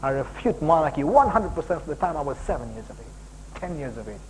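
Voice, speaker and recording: Animated high-pitched preacher man from India. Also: brisk, a little hiss or hum, low-quality recording. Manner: animated, jokey, bursts into high emphatic exclamations. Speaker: guest preacher. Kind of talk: sermon.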